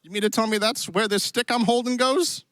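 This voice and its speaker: Hamming it up as an Old West cowboy host, a man uses a put-on Western drawl to joke through a live stream, handheld stick mic in hand. His high-pitched voice is steady in tone, a little fast and a bit bright, with no room sound, and the mood is playful and theatrical.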